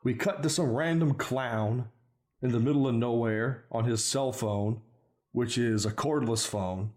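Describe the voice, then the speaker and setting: A man's voice: mid-range voice, a little slow, a little mellow. A young man casually recapping a bad movie with sarcastic, swearing commentary. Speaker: podcast host recapping a movie. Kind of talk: casual chat.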